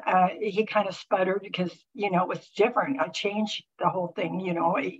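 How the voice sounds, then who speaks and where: Halting middle-aged woman sharing a testimony. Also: on the low side. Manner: halting, many restarts and fillers. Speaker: group member sharing a testimony. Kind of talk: personal faith testimony. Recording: muffled lo-fi recording.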